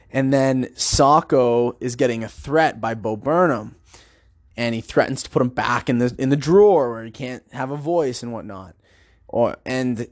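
A man's voice: mid-range voice, a little mellow, no room sound, clean studio sound. A man giving casual, enthusiastic commentary on a film, rambling as he goes. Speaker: video reviewer.

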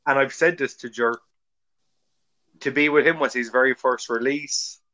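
A man's voice: medium pitch, moderate pace, sharp tone. Chatty male podcast host. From Ireland. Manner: gushing, chatty, jokey. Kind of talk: casual chat.

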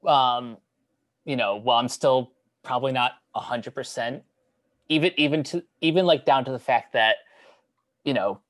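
A young man talking casually on a podcast, halting with many fillers and restarts. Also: mid-range voice, fairly bright tone, no echo. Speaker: podcast co-host. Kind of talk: casual chat.

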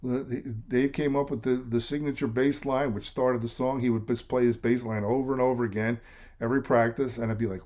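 A man's voice: medium pitch, little pitch movement, a little fast, a little mellow. A middle-aged American man, a songwriter and singer, telling rambling stories in a casual interview and quoting others along the way. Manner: rambling storyteller, quotes others in voices, emotional at times. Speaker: songwriter and lead singer, guest.

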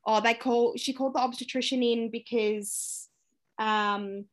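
This young Australian woman has a fairly high voice and a measured pace. As a podcast guest she tells a personal story openly and animatedly, performing the quotes and laughing along.

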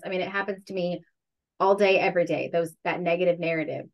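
A woman in a relaxed interview, opening up candidly about her life. Her voice sits on the lower side, and she leans on words and draws them out when something matters to her. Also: lo-fi sound. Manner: candid, reflective, drawn-out emphasis. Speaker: interview guest. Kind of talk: casual interview chat.

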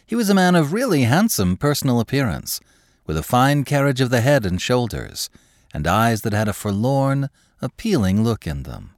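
Brief: deep-ish male storyteller, lively intonation, dry studio sound. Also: no echo. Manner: expressive, measured storytelling. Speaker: narrator. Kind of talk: scripted narration of a classic story.

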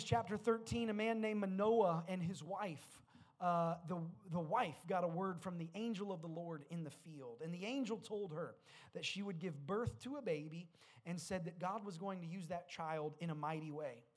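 A man's voice: high-pitched, moderate pace. Preaching man, storytelling and exhorting. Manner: builds from storytelling to loud exhortation; repeats words when restarting. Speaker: pastor. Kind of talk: sermon.

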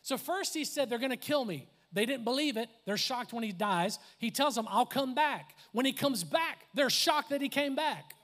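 A man preaching a conversational sermon as a pastor, animated, with laughs, asides and acted-out quotes. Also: very high-pitched, normal speed, few pauses. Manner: acts out quoted voices.

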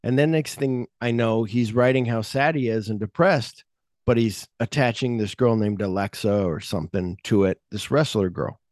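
Man, podcast host, mellow warm tone, dry close sound, animated retelling. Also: on the low side, normal speed, no echo. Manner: animated retelling, acts out quoted lines. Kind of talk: casual film discussion.

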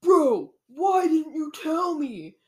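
A young woman voicing a loud, flustered young guard who talks in an over-the-top formal way. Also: extremely high pitch, measured pace, voice pushed up. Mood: hurt.

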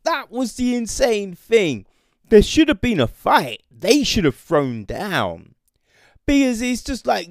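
A man's voice: sits high, wildly swooping pitch, slow pace, gravelly, dry recording, studio quality. A man with a British accent giving a casual, sarcastic rant about a TV show, swearing freely. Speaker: TV show reviewer. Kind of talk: casual ranting commentary.

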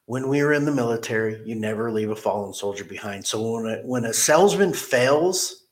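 This is a middle-aged car dealership manager recounting a personal story in an informal interview, his mid-range voice lively in intonation and a little quick. Earnest and straightforward, he keeps repeating his main phrases.

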